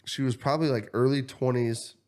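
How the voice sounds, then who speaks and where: Male podcast host, lively storyteller who swears a lot and voices his characters. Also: mid-range voice, brisk. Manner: animated, swears freely, acts out quotes. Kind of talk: casual storytelling chat.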